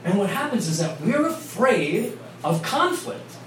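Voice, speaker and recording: A man's voice: sits high, very animated, unhurried, fairly bright tone. A man, a priest, giving a chatty, story-filled talk to a crowd in a pub. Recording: echoey pub, distant mic, noise.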